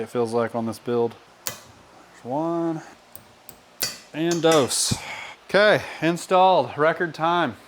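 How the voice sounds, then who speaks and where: This DIY mechanic channel host has a medium-pitched voice with a sharp edge, heard over slight background noise. Working on a truck build in his home garage or shop, he offers casual, wry, meandering commentary and drops the occasional swear word.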